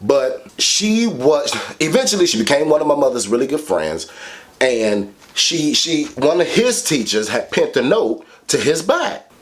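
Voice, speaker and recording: A man spins a childhood story for the camera, swearing freely and driving his points home. His voice sits a little high and leaps up and down in pitch as he gets into it. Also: a little slow. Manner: animated, profane, heavy swearing; big swings in pitch for emphasis. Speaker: vlogger. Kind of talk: casual storytelling.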